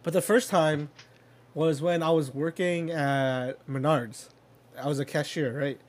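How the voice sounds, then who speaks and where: In an unhurried, steady voice on the high side, a young man tells a long, meandering story during a casual chat. He leans heavily on fillers, swears, and chuckles along the way.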